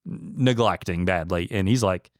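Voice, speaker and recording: A man's voice: deep voice, normal speed, a little mellow, no echo, studio quality. A man who owns a small business, speaking in a casual interview, earnest and heartfelt, with many fillers and restarts. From Michigan. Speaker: franchise owner, interview guest.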